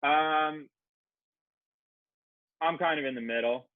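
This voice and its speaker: A man's voice: fairly high pitch, takes it slowly, dry recording. A man telling a long, profane story in casual podcast chat, full of quoted back-and-forth and filler words. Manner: profane, rambling anecdote with acted-out quotes. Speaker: podcast guest. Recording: dry, phone-like narrow sound.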